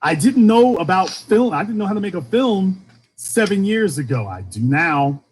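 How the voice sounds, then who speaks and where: A man's voice: sits high, very animated, moderate pace. A man from Louisiana with a faint Southern accent, delivering an impassioned streamed monologue full of repeated rhetorical questions. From Shreveport, Louisiana, US. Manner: rhetorical, repeating questions, rising and falling emphasis. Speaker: commentator.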